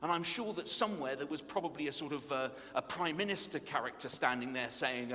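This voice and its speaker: A man preaching at a playful family service, animated and self-mocking as he tells the story. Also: on the high side, brisk, hardly any pauses. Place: church. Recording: long reverb of a church hall.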